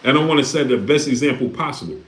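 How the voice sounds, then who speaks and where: This is a man with a mid-range voice who speaks fast. As a livestream host reading Super Chats, he talks casually and preaches, leaning on repeated rhetorical questions, and the room sounds echoey.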